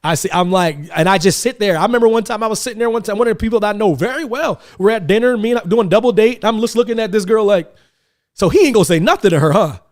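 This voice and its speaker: A man hosting a podcast, chatting casually and telling animated stories with acted-out quotes. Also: sits high, rapid-fire, hardly any pauses. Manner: animated storytelling, acts out quotes. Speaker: podcast host.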